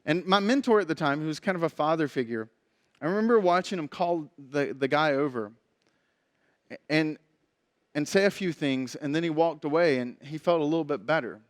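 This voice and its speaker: Guy preaching, kinda high voice, chatty storytelling sermon style. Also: moderate pace. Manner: conversational, storytelling preaching with acted-out quotes. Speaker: pastor.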